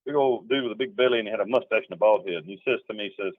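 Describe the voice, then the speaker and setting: A middle-aged man from North Carolina tells his story in an interview, rambling and emphatic, often slipping into acted-out quotes. His voice sits low. The recording is dull and dry, with a lo-fi, phone-like quality. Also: rapid-fire, few pauses, no echo.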